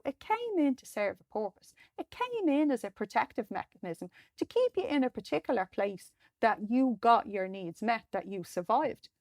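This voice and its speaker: A woman's voice: on the high side, no room sound, clean studio sound. A middle-aged woman hosting a podcast, giving motivational self-help talk and coaching her listeners directly in an encouraging way. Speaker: podcast host.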